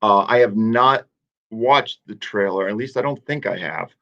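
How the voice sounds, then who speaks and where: A man's voice: fairly low pitch, moderate pace, pushed and bright, muffled recording. A man, a soccer coach, chatting in a casual radio interview, joking about himself and often restarting his sentences. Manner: self-mocking, restarts often.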